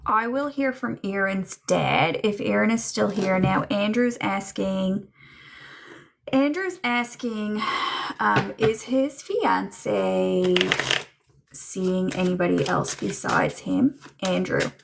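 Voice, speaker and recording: Slow, gravelly-voiced woman psychic. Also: medium pitch, animated, background noise. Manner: slow, musing, with many ums and trailing thoughts. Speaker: psychic medium. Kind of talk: live tarot and medium reading for chat viewers.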